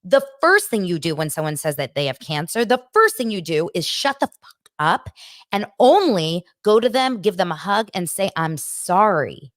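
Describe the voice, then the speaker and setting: Low-voiced, animated woman podcast host doing chatty pop culture commentary, recorded dry and close. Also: moderate pace, no room sound. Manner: chatty, animated, mocks others in shrill voices.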